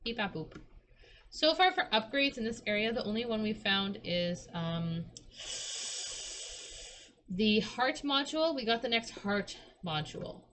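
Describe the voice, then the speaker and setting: A hoarse young woman who has lost her voice, chatting and swearing casually while streaming a game. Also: on the high side, expressive, a little slow, pauses often, fairly bright tone, slight background noise. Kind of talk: casual gameplay commentary.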